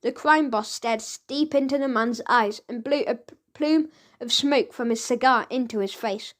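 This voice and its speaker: A woman narrating a children's audiobook in a lively, expressive storytelling manner. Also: a little high, moderate pace.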